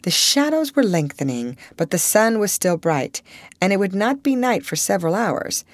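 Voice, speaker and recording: A woman narrating an audiobook in a measured, expressive style. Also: mid-range voice, dry recording. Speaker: audiobook reader.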